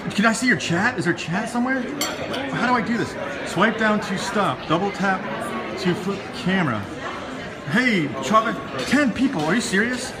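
A conference attendee livestreams on a handheld phone, his high voice rambling in a flustered, self-narrating way as he walks around uncertainly. Loud chatter from the crowded hall fills the background of this casual stream.

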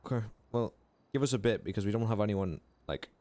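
A man's voice: lowish voice, fast talker, a little mellow, no room sound. A man playing a character in a game roleplay, casual and slangy. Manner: casual slangy, laid-back. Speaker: roleplay player.

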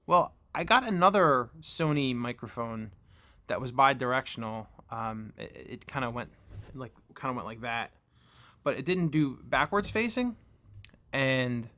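A man in his forties casually reviews gear at a table in a room at home, rambling, chatty, and correcting himself as he goes. His medium-pitched, slightly bright voice is captured by a camera-mounted shotgun mic.

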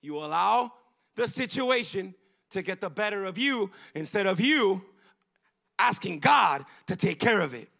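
A male pastor delivering a fervent, emphatic sermon that rises into bursts of shouting. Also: high-pitched, expressive, unhurried, gravelly. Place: church.

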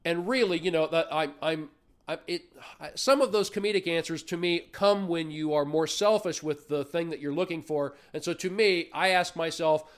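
A man's voice: a little high, moderate pace. A man telling stories as an interview guest, rambling with frequent restarts. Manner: rambling storyteller, lots of restarts. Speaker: interview guest, artist and puppet builder. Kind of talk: casual interview chat.

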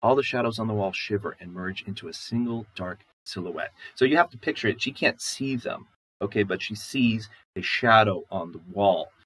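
Husky-voiced male literature lecturer. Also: lowish voice, moderate pace, fairly bright tone, poor audio. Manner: conversational, many "you know" and "okay" fillers. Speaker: literature professor. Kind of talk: lecture with read-aloud passages.

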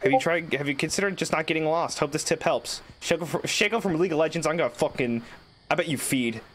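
A man's voice: a little high, fast, a bit bright, a little hiss or hum. A man streaming a game, rambling, joking and swearing in casual commentary. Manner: rambling, swearing, jokey outbursts.

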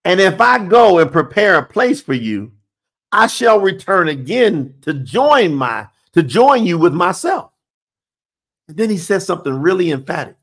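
A man with a high voice preaches slowly and deliberately. He reads scripture aloud, stops to stress key words, and puts pointed questions straight to his listeners. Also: sing-song, vocal fry, a bit bright. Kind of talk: sermon.

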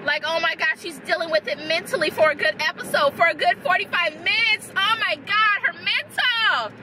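Young woman vlogger, high voice, blunt and profane, casual rant, traffic noise behind. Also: moderate pace, over a noisy crowd. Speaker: TV review vlogger. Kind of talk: casual ranting review.

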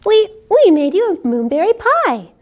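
A woman's voice: extremely high pitch, huge pitch swings, normal speed, pitched above the performer's own voice, heavily acted. A woman voicing a group of proud, cheerful little rabbits in a picture book.

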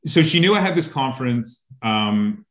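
A man's voice: mid-range voice, lively intonation, normal speed. A man hosting an interview, asking questions in a rambling, hesitant way. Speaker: host. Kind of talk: interview conversation. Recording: echoey room.

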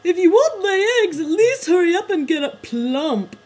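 A man's voice: very high-pitched, sing-song, moderate pace, a little mellow, pitched above the performer's own voice. A man voicing a grumbling old countrywoman in a storybook, talking in a bossy way.

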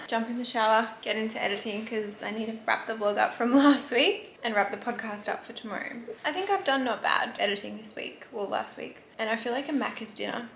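Australian woman, young adult, casual vlog chat, frank and sweary, raised pitch, faint background noise. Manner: frank, chatty, swears freely. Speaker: vlogger.

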